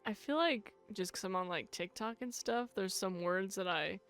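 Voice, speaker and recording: A woman's voice: mid-range voice, moderate pace, a bit bright, clean tone, soft background music. A woman co-hosting a casual podcast who laughs often and talks freely, with casual swearing. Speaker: podcast co-host. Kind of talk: casual chat.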